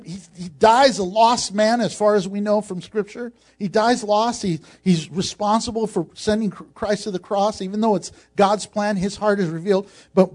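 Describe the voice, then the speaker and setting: A man's voice: high voice, a little mellow. A male pastor giving a humorous, conversational sermon, acting out scenes as he teaches.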